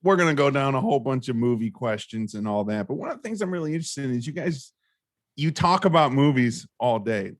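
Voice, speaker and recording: A man hosts a casual podcast interview, animated and talkative. His voice sits at a middle pitch. The sound is dry. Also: quick pace, dry recording. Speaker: podcast host.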